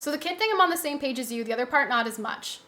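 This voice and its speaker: A woman's voice: high-pitched, lively intonation, rapid-fire, pushed and bright. A young adult woman streamer in casual live-stream chat, ranting heatedly and swearing a lot.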